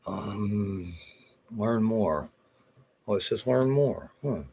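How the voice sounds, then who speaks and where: A man's voice: fairly low pitch, animated, very slow, dark tone, husky, poor audio. An older man rambling on a home livestream, swearing and flustered as he talks to himself at his computer. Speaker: livestream host.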